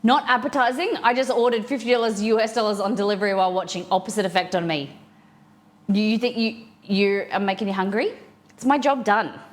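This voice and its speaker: A woman's voice: medium pitch, fairly even intonation, brisk. A young woman chatting casually with viewers on a live stream while eating, reading chat aloud and answering.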